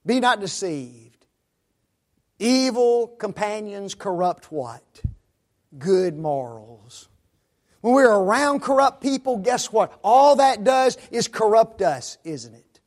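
A man's voice: sits high, animated, takes it slowly. A man preaching a sermon, often calling his listeners folks and tagging his points with rhetorical questions.

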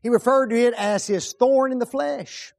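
A man preaching a sermon, swinging between loud emphatic peaks and hushed low asides, and asking the congregation rhetorical questions. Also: fairly even intonation, moderate pace, creaky.

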